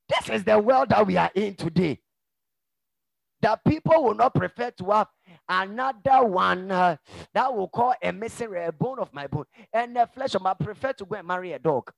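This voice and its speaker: A middle-aged man preaches from the pulpit in a high, gravelly voice. He swings between quiet, confiding asides and loud, driving emphasis. The sound is close and dry, with no room echo. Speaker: pastor. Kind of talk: sermon.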